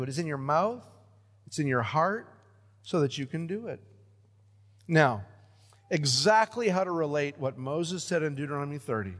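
Animated preacher man in an echoey hall. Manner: animated preaching, swings from loud emphatic lines to hushed low ones. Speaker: pastor. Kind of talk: sermon.

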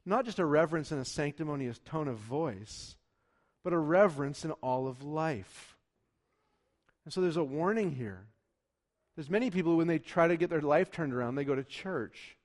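A man's voice: a little high, animated, normal speed. A male pastor delivering a sermon with real passion, his voice sitting a little above the usual male range. He drops to near whispers for tender appeals, then rises sharply to drive home his points. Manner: impassioned preaching, swinging between hushed pleading and loud emphasis.

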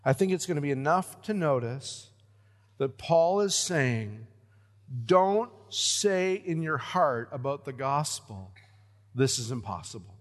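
A man preaching a sermon in a church sanctuary, his voice sitting high for a man. He is animated, pushing some lines out loud and emphatic, then dropping to hushed, low phrases. The sound carries a long reverb from the large hall. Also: slow. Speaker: pastor.

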